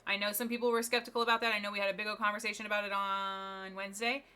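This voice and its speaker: A woman's voice: mid-range voice, little pitch movement, very fast, bright, forceful tone, clean tone. A woman streaming live from home, chatting casually and upbeat with her viewers while she builds.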